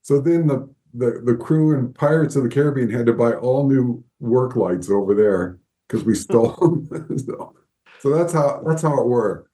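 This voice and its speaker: A man guest in an interview, telling lively anecdotes and acting out the people he quotes. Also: mid-range voice, normal speed. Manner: animated storyteller, acts out quoted voices. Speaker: guest, former Disney figure animator. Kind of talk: storytelling interview.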